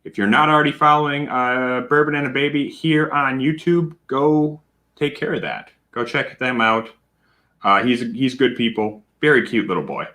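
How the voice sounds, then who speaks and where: A man hosting a casual livestream, chatty and animated, with plenty of fillers and shout-outs to viewers. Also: mid-range voice, moderate pace. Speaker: livestream host.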